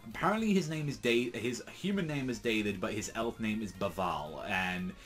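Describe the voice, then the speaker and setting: A man's voice: lowish voice, animated, moderate pace, fairly bright tone, soft background music. A man casually recapping a manga chapter, rambling with many fillers and some crude asides. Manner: rambling, heavy use of fillers, profane asides. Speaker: manga reviewer.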